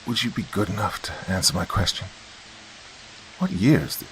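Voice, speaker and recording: Male reader doing a haughty, unnerved man from the past, low voice, odd accent, storybook reading. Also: expressive, moderate pace, a bit bright, slight background noise, poor audio. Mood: tense, imperious. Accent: odd, unfamiliar accent. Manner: imperious, distraught.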